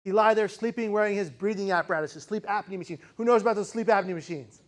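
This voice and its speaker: A man in his forties giving a personal storytelling speech as a keynote speaker, dramatic and shifting between loud intensity and hushed quiet. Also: sits high, fast. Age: 40s.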